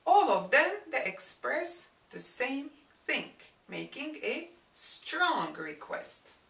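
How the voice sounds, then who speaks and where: Woman, language teacher, slow deliberate delivery, fairly high voice, roomy echo, a little off-mic. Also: sing-song, creaky, fairly bright tone, far from the mic. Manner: deliberate, explains example sentences step by step. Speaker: Arabic teacher. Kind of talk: grammar lesson.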